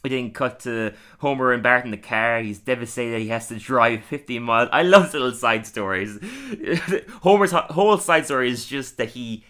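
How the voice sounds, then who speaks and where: A man's voice: medium pitch, animated, moderate pace, hardly any pauses, sharp tone. A young man co-hosting a casual review podcast, chatty, often laughing and acting out quoted lines. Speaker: podcast co-host.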